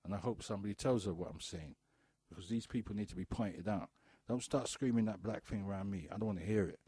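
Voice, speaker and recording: A man's voice: fairly low pitch, fast talker, mellow, husky. A man hosting a radio talk show, ranting bluntly with profanity and hammering home repeated rhetorical questions. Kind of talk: impassioned radio monologue.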